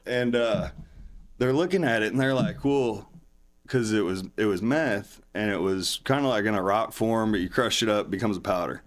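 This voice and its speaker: Here a podcast guest with a lowish voice, talking at a moderate pace, rambles through a lengthy anecdote in relaxed conversation. When quoting what others said, he acts their lines out in a louder voice.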